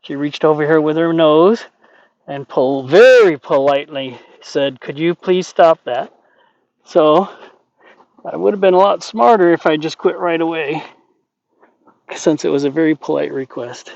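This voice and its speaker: A man working as a horse trainer, calmly explaining while talking gently and soothingly to a horse outdoors. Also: fairly high pitch, moderate pace, vocal fry, no room sound, muffled recording. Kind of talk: training commentary.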